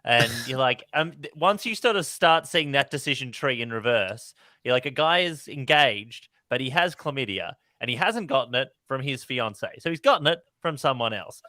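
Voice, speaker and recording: A man comedian on a comedy podcast, building jokes through deadpan step-by-step reasoning. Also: medium pitch, moderate pace, few pauses, no echo. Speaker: comedian guest.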